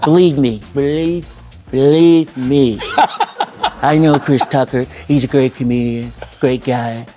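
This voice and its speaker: A man's voice: medium pitch, fairly even intonation, a little slow, over music, pitched below the performer's own voice, natural voice. A man impersonating a boastful older politician who repeats himself with a self-assured drawl.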